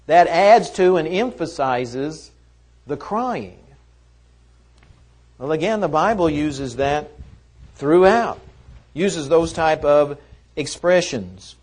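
A man's voice: a little high, animated, slow pace, pauses often, darkish tone. A man teaching a Bible lesson in a conversational way, often asking rhetorical questions.

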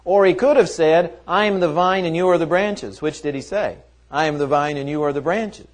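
A man's voice: a little high, moderate pace. Man teaching a conversational Bible lesson. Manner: conversational, asks rhetorical questions.

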